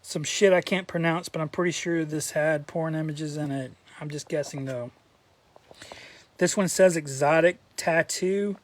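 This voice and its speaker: A man's voice: fairly high pitch, no room sound. A man in a casual show-and-tell vlog, rambling through his collection with crude jokes and asides, his throat a little dry. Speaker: collector vlogger.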